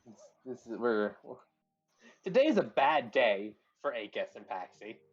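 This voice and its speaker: A man's voice: medium pitch, sing-song, measured pace, husky. A man chatting as a player in a tabletop game, joking and swearing freely. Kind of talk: casual tabletop game chat. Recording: dull lo-fi sound with faint music.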